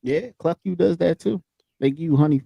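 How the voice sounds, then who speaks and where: A man's voice: on the high side, brisk, creaky, husky, no echo, muffled recording. A man co-hosting a podcast in casual chat, laughing and joking along with his co-hosts. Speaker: podcast co-host.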